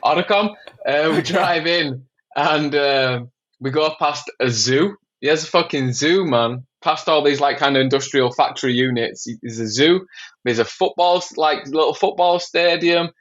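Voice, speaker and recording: A man from England, a documentary filmmaker, guesting on a podcast and telling stories in an animated, casual way, swearing a lot and often saying "man". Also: on the high side, normal speed, dull audio. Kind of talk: casual storytelling.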